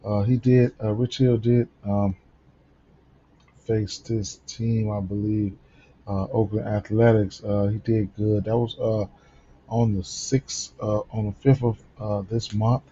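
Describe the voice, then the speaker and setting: A man's voice: fairly low pitch, level tone, slow pace, mellow, dull audio, slight background noise. A man hosting a casual sports betting picks rundown, sleepy in the early morning and rambling with many fillers and restarts.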